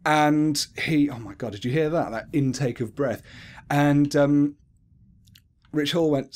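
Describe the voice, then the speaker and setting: A man's voice: a little high, measured pace, darkish tone. Jumpy man narrating a horror game. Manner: jumpy, swears, talks to himself while playing. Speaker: gaming video creator.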